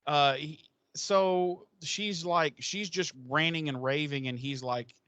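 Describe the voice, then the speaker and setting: A man co-hosting a podcast, casually recapping an episode with crude jokes and quick impressions of the characters. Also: fairly high pitch, sharp tone, dry recording. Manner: profane, joking, acts out characters' lines. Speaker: podcast co-host.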